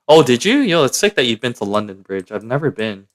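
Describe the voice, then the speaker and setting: A man's voice: medium pitch, big pitch swings, brisk. A young man from Canada, chatting casually and slangily to his live-stream chat.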